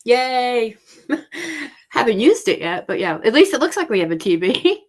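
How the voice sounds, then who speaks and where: A woman's voice: a little high, sing-song, moderate pace, breathy edge. A woman hosting a casual livestream chat from home, talking freely, laughing often and trailing off mid-thought. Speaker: livestream host.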